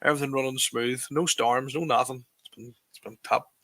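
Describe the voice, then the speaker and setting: A man's voice: medium pitch, fairly even intonation, a little fast, fairly bright tone, no room sound. A Northern Irish man and comedian co-hosting a podcast, easygoing in casual chat, laughing often. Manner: laid-back, laughs often, repeats words.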